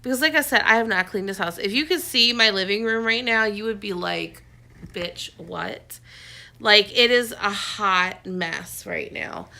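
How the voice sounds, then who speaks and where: A woman's voice: mid-range voice, moderate pace, creaky, few pauses, bright, forceful tone. A woman in her thirties chatting casually and venting, recorded at home in a dim room. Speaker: vlogger. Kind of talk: casual chat.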